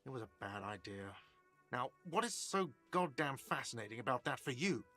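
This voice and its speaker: A curt, fed-up cafe manager. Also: male voice, mid-range voice, sing-song, moderate pace, pushed and bright, soft background music. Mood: annoyed, defensive. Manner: defensive, curt and exasperated. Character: irritable middle-aged male cafe manager.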